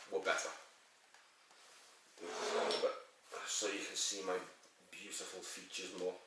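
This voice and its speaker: A man's voice: low-pitched, flat delivery, unhurried, pauses often, noisy background. A man reviewing a beer in a rambling, crude and jokey way, swearing as he goes. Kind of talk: casual sweary review monologue. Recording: very echoey room, mic at a distance.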